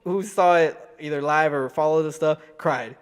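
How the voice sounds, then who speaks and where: A man's voice: on the high side, moderate pace, clean tone. A man co-hosting a casual wrestling podcast, telling stories in a heartfelt, profane way. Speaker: podcast co-host. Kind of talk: casual chat.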